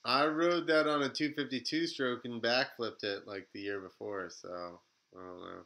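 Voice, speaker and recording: A man's voice: medium pitch, steady tone, moderate pace, pushed and bright, low-quality recording. A man hosting a casual podcast, easygoing, laughing along and asking questions. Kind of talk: casual chat.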